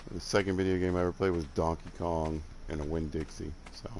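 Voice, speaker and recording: Older man, low voice, Southern accent with some Midwestern in it, rambling laid-back gamer chat, faint hiss behind. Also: fairly even intonation, a little fast. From Alabama, southern United States. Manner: rambling, laid-back, chuckling, drifts off while building. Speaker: game streamer. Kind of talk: casual chat while playing.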